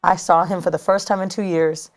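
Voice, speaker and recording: Animated storytelling woman podcaster. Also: lowish voice, a little fast. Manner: animated, slangy, dramatic retelling. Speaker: podcast co-host. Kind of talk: casual storytelling. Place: studio.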